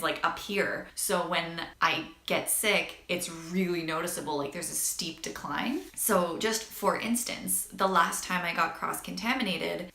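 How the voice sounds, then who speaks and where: A woman's voice: fairly low pitch, pushed and bright. A young woman in her twenties vlogging about her health, candid and chatty with lots of filler words. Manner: chatty and candid, lots of "like", gets emotional and laughs. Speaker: vlogger sharing a health story. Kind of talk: casual talk to camera. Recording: echoey room.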